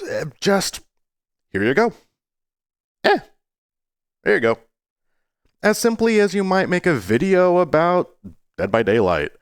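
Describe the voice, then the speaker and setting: A man talking to his viewers in a casual, rambling way, earnest but playful, with sudden jumps into a high voice. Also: clear, resonant tone, no echo, studio quality. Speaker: YouTuber. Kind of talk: casual talking-to-camera monologue.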